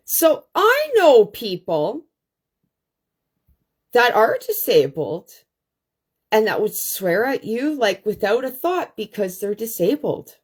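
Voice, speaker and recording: A blunt, foul-mouthed woman talks straight to her viewers over a phone livestream. Her pitch leaps all over the place while she takes her time with the words. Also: big pitch swings, slow, long pauses, slightly rough. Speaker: livestream host. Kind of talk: profane ranting livestream monologue.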